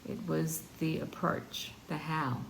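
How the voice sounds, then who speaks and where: Low, gravelly-voiced woman healer. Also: fairly even intonation, takes it slowly, slight background noise. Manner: soft, reflective, emotional. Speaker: intuitive healer. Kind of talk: channeled spiritual reflection.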